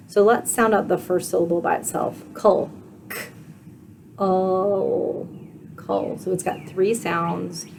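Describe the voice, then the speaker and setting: A woman teacher giving a spelling lesson, sounding out letters and syllables slowly and asking her students questions. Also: medium pitch, darkish tone, a little hiss or hum. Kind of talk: slow, deliberate spelling instruction.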